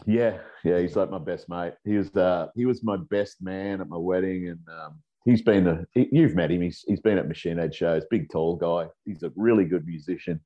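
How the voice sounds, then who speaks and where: A man's voice: sits low, moderate pace, few pauses, dull audio. A middle-aged Australian man, a podcast guest, telling profane, rambling stories in casual chat. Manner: profane, rambling, animated storyteller. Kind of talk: casual storytelling.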